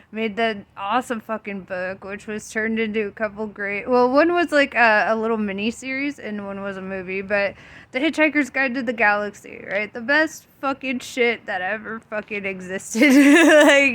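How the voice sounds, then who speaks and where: A woman's voice: a little high, fairly bright tone. Giggly, swearing young woman. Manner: giggly, rambling, swears a lot. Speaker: tarot vlogger. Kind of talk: casual chat to camera.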